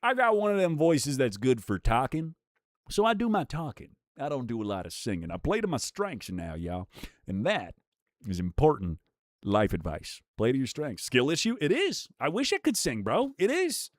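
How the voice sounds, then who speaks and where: A man's voice: mid-range voice, wildly swooping pitch, moderate pace, dry recording, clean studio sound. A young man streaming live, bantering with chat in a joking, profane way.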